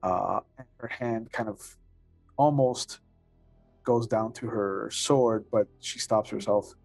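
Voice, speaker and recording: A man narrating a tabletop role-playing game as game master, in a halting way with many fillers. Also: on the low side, vocal fry, darkish tone, dry recording, faint music behind.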